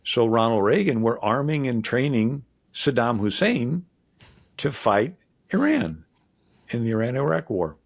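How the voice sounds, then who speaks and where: A historian guest talking in an interview, rambling with many fillers and restarts. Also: male voice, medium pitch, very animated, a little slow, creaky, no room sound, clean studio sound. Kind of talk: conversational interview.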